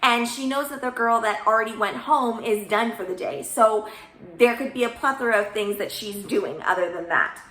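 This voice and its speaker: A young woman with a bright, ringing voice tells a story in a chatty, lively way, acting out the dialogue. Her voice sits a little high, and the room around her is echoey. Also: normal speed. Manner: chatty, animated retelling with quoted dialogue. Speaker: baker, channel host. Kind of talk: casual storytelling.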